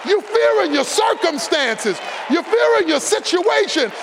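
Male preacher, very high and animated voice, folksy and shouting, in a sanctuary with long reverb. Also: unhurried, a crowd in the background, noisy background. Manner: fiery, shouting and drawing out words for emphasis; preaching with a folksy, conversational edge. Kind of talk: sermon.

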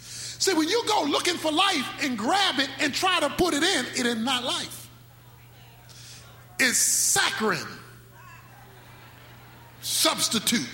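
A male pastor with speech preaches in a very high, bright voice, now shouting, now slowing to stretch his words. His voice rings through a large, echoing hall with faint music underneath. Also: big pitch swings, a little hiss or hum. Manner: dramatic preaching, sudden shouts and slow drawn-out phrases. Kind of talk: sermon.

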